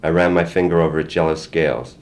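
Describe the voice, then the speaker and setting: Very deep-voiced older man narrating. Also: fairly even intonation, fast talker, darkish tone. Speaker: memoir reader. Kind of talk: first-person story narration.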